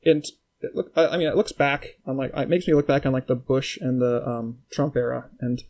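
A man's voice: mid-range voice, fairly even intonation, a little fast, a little mellow. A man co-hosting a comedy podcast, rambling and profane with lots of fillers in casual banter. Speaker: podcast co-host.

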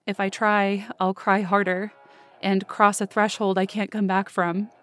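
A woman's voice: medium pitch, little pitch movement, unhurried, a bit bright, faint music behind. A woman reading first-person scripted narration for a fiction podcast, in a close, anxious inner-monologue manner.

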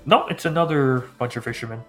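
A man narrating a tabletop game as its game master, in a loose storytelling way. His voice sits at an ordinary middle pitch. Soft music plays faintly underneath. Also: quick pace.

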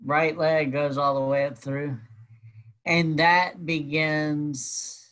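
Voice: medium pitch, little pitch movement, slow pace, a bit bright. A guest telling a personal story in a casual, wry and matter-of-fact way.

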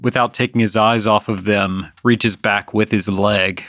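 A man's voice: lowish voice, fairly even intonation, a little slow, a bit bright, no room sound, studio quality. A man playing a tabletop game, casually describing what his character does. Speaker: player.

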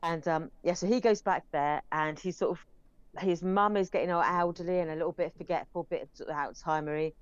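A woman's voice: fairly low pitch, a little fast, clean tone, no room sound, highs cut off. A woman reviewing films in casual, rambling chat, with many fillers. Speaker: film reviewer.

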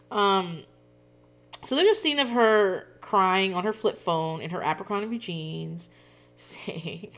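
A woman in her thirties chatting casually as a podcast host, profane and quick to laugh. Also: mid-range voice, lively intonation, a bit bright. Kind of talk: casual chat recapping a reality show.

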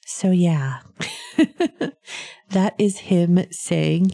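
A woman with a deep, mellow voice and a gravelly edge talks through a science story in a loose, rambling way. She drifts along with plenty of ums and soft laughs, like a host chatting on her own show. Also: takes it slowly. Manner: chatty, meandering, with frequent ums and little laughs. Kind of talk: casual science chat.

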